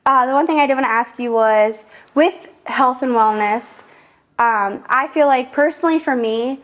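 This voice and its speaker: A woman's voice: high voice, normal speed. Breathless chatty young woman host. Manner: chatty, lots of "like" fillers. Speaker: podcast host. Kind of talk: casual chat while working out.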